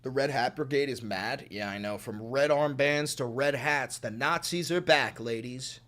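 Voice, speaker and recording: A man's voice: medium pitch, normal speed, hardly any pauses, fairly bright tone. A young man hosting a live stream, ranting at his chat in a profane, taunting, combative way. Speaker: streamer, channel host. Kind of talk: live-stream political rant.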